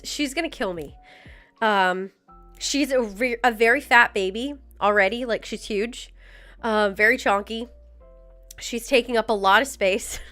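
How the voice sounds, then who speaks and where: A young woman hosting a livestream chats casually, giggling as she greets viewers by name. Her voice is on the high side with a sharp tone. She uses a desk mic with headphones.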